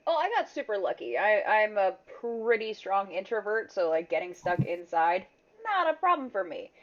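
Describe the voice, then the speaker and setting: Woman co-host, bubbly and teasing, very animated pitch, dull muffled audio. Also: moderate pace. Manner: bubbly, teasing, laughs a lot. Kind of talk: casual chat.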